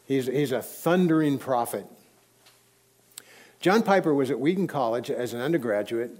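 A man preaching a sermon in a relaxed storytelling way, with sudden emphatic rises. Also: medium pitch, normal speed.

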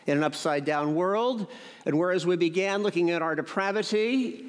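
A man preaching as pastor, speaking warmly to children. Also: fairly high pitch. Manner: storytelling to children. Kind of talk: sermon. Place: church. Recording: echoey church hall.

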